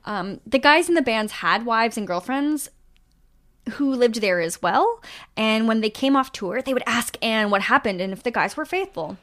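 Woman podcast host narrating a band story, lively and chatty. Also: on the high side, normal speed. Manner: animated storyteller, trailing off with fillers. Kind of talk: casual storytelling chat.

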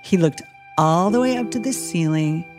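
A woman's voice: lowish voice, lively intonation, moderate pace, over music. A woman chaplain, a podcast guest, telling a story in an earnest and tender way. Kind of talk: emotional storytelling.

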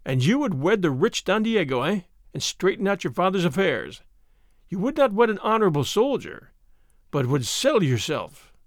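A man's voice: high voice, very animated, normal speed, dry recording, studio quality. A man voicing a purring, sneering army captain. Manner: sneering, overbearing. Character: arrogant bold army captain suitor, male. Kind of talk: audiobook character reading.

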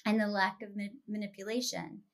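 Woman cohost on a podcast, thinking out loud, hunts for words, laughs easy. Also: medium pitch, level tone, a little fast. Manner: thoughtful, searching for words, laughs easily. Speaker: podcast co-host. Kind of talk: casual podcast chat.

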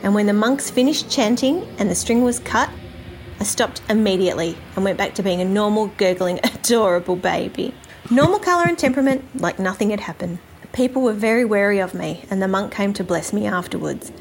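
A woman's voice: mid-range voice, lively intonation, a little fast. A woman in her forties speaks with an Australian accent as she recounts an odd childhood experience in an earnest storytelling manner. A faint hiss of background noise sits under her voice. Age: 40s. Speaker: listener sending in a story. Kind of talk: recorded personal story.

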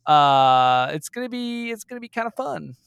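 Male host, fairly high, smooth voice, playful banter. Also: sing-song, moderate pace, a bit bright, no echo. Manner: joking, self-deprecating. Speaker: podcast host. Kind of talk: casual podcast chat.

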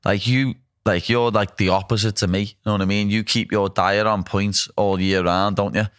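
A man's voice: on the low side, level tone, normal speed, dry recording, clean studio sound. A young man, a pro fighter, chatting bluntly and casually about cutting weight. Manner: rambling, blunt, laughing. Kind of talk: casual chat.

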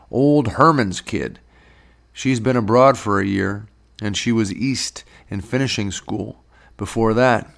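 A man's voice: medium pitch, creaky. A man voicing a round, jolly young man who jeers and wisecracks as the class jester, in an audiobook reading. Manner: jeering, wisecracking. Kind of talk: audiobook character voice.

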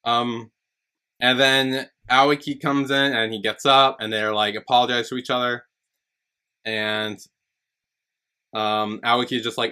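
A man hosting a casual podcast chat. He recaps scenes haltingly, full of fillers, and acts out characters' lines. His pitch sits in a middle range. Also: fairly even intonation, sharp tone, clear, resonant tone. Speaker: podcast host.

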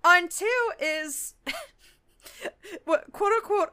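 High, bright-voiced giggly woman. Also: moderate pace. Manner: giggly, animated, swears freely. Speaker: podcast co-host. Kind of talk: casual chat recapping a cartoon.

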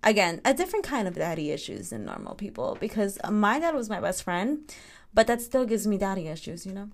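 A young woman hosting a podcast on her own, telling her dreams in a candid, animated way, with frequent laughs and swearing. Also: mid-range voice, a little fast. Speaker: podcast host. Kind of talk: casual solo podcast chat.

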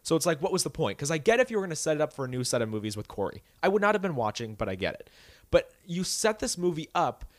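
A man's voice: on the high side, big pitch swings, fast, no room sound. A man co-hosting a podcast, chatting casually and ranting with indignation. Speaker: podcast co-host. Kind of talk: casual chat.

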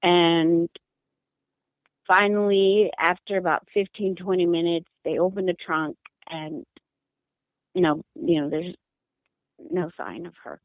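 A woman's voice: lowish voice, no room sound. Distressed woman on a tinny phone line. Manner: halting, repeats words, distressed. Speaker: mother of a missing daughter, interviewee. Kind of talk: emotional interview account.

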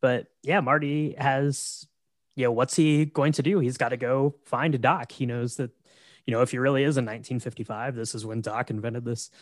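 A man's voice: mid-range voice, fairly even intonation, normal speed, dry recording. A man co-hosting a podcast, walking through a film's story in an easygoing, conversational way. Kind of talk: casual film recap chat.

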